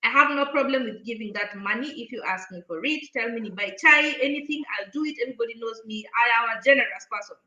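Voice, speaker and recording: A woman vlogger talks straight to camera, retelling a run-in with a lively, indignant energy. Her voice is high and bright. The room around her is echoey. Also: fast talker, few pauses, dull audio. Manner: animated, indignant retelling with acted-out quotes. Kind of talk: casual storytelling to camera.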